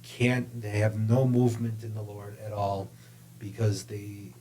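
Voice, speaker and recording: Man, deep, mellow, soft-spoken, faint hum behind. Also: completely flat delivery, unhurried. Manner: brief agreeing interjections, soft-spoken. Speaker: podcast co-host. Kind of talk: casual faith chat.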